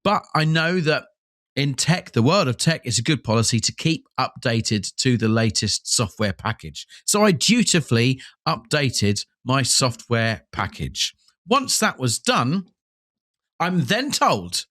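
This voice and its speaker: A man's voice: medium pitch, sing-song, unhurried, a bit bright, dry recording, clean studio sound. A man co-hosting a podcast, telling a rambling, self-mocking story in casual chat, with lots of ums. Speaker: podcast co-host.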